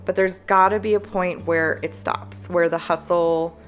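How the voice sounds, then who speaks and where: A woman in her thirties with a small business, talking candidly to camera, earnest and halting with fillers. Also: fairly low pitch, fairly even intonation, faint music behind. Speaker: planner business owner.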